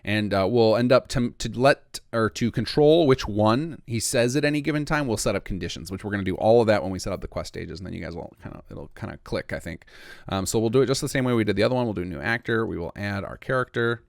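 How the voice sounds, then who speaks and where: A man talks through a software tutorial in a low, gravelly voice, thinking aloud and correcting himself as he works. The sound is dry and close, with keyboard typing behind him. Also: fast talker, dry recording. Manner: casual, thinks aloud while clicking, self-correcting. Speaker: modding tutorial instructor. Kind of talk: screen-recorded software tutorial.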